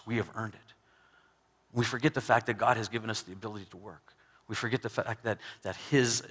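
A married man preaching an earnest sermon, with frequent restarts, swinging between loud stresses and soft drops. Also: mid-range voice. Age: adult, married with two sons. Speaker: pastor.

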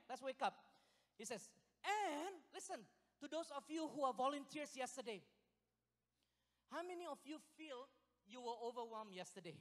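High-voiced excitable preacher in a reverberant hall. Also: male voice. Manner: excitable, animated, loud bursts and laughs. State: sweating, short of breath at times. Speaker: pastor. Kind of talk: sermon. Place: church hall.

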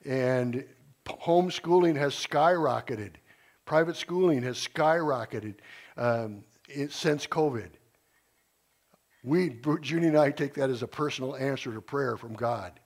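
A man's voice: mid-range voice, a little slow. A retired teacher in his sixties giving an informal church talk, earnest and rambling, with frequent restarts. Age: 60s.

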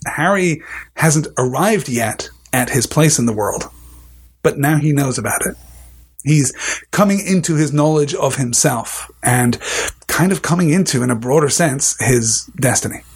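A man's voice: medium pitch, lively intonation, a little slow, slightly rough. A man hosting a live book discussion, talking in a thoughtful, discursive way and reading out listener comments. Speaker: podcast host.

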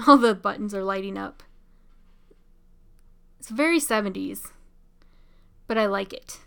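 A young woman casually commenting on a show as she watches, chatty and excitable, often laughing and saying "like". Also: medium pitch, unhurried, gravelly, pauses often, smooth. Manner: chatty, giggly, excitable, many "like" fillers. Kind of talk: casual live reaction commentary.

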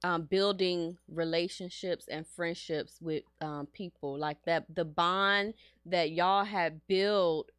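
A woman co-hosting a podcast, chatting casually and telling animated, laughing stories. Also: fairly low pitch, slow pace, clear, resonant tone, no echo, clean studio sound. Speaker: podcast co-host. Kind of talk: casual chat.

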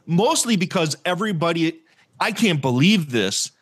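A man's voice: medium pitch, expressive, measured pace, fairly bright tone. A man co-hosting a casual movie review podcast, blunt and profane, laughing often as he talks. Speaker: podcast co-host.

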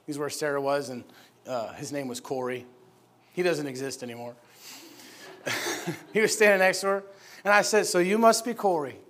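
A man preaching in a church, telling his personal story in an animated, laughing storytelling manner. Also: medium pitch, normal speed, pauses often. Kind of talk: sermon testimony.

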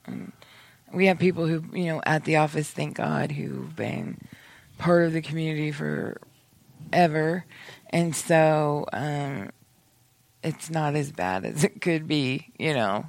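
Creaky-voiced man, casual and dry. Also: fairly high pitch, takes it slowly, no room sound. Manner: conversational, works in a news office. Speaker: podcast co-host. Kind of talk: casual chat.

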